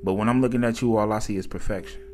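A man voicing a big, confident, well-off man who talks in a calm, smooth, reassuring way. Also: on the low side, rapid-fire, faint music behind, lightly acted.

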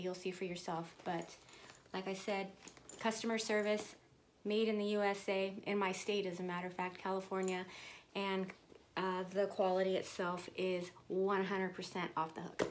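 A woman vlogger talks casually and directly to her viewers, calling them "you guys" as she shows off a new purchase. Her voice sits at an ordinary middle pitch. There is clear background noise in this home video. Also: fairly even intonation, moderate pace. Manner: chatty, talks straight to viewers. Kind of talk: casual unboxing chat.

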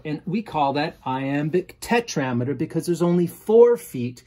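A man, a poet, giving a playful home video lesson on poetry and chanting rhythms aloud in an animated way. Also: a little high, moderate pace, few pauses, recorded from a distance.

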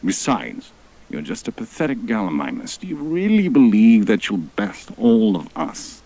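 A man's voice: fairly low pitch, wildly swooping pitch, normal speed, dark tone, pitched above the performer's own voice, exaggerated voice, poor audio. A man voicing a gang of boastful, menacing male predator dinosaurs who hurl taunting threats.

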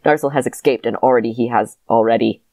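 A woman with a strikingly low voice reads an old story aloud at a brisk clip, keeping it deadpan and laughing at asides. The sound is close and dry. She trades banter with a co-host. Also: no echo. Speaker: podcast co-host reading aloud.

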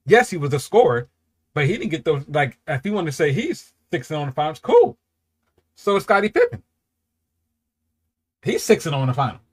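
A fairly high-voiced man gives casual music reaction commentary. He talks excitably and profanely, dropping to low mutters and then jumping into loud, high outbursts. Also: moderate pace, pauses often, slightly rough.

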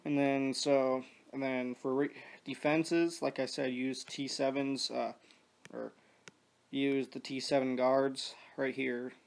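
Man, casual gameplay commentary, rambling, cusses a lot, monotone delivery. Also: medium pitch, takes it slowly, gravelly. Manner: rambling, profane, many restarts and fillers. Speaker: mobile strategy game player.

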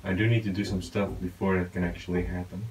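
Gaming channel host, man, very low voice, chatty self-talk commentary, faint hiss behind. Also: quick pace, poor audio. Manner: talks to himself, excitable outbursts. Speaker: gaming YouTuber. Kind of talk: casual gameplay commentary.

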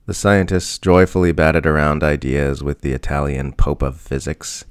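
A man reading a short story aloud in a measured, even storytelling manner. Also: rumbling low, clear, resonant tone, no room sound, clean studio sound. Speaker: audiobook reader. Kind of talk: scripted story narration.

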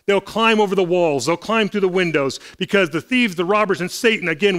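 High-voiced man preaching a sermon. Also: fairly bright tone. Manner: earnest, conversational preaching with scripture reading. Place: church service.

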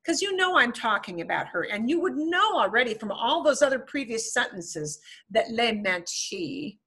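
A woman's voice: fairly high pitch, big pitch swings, normal speed, a bit bright, husky. A woman teaching a beginner Spanish class, explaining patiently with playful comparisons.

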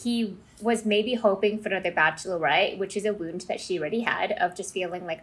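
A woman co-hosting a casual recap podcast, speaking reflectively and sometimes quoting others softly. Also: mid-range voice, a little fast, few pauses, rough recording. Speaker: podcast co-host.

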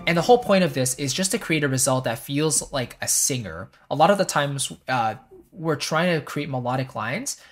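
A man's voice: medium pitch, animated, moderate pace, faint music behind. A man hosting a composing tutorial, explaining in a friendly conversational way and often checking in with "right?". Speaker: composer and music teacher.

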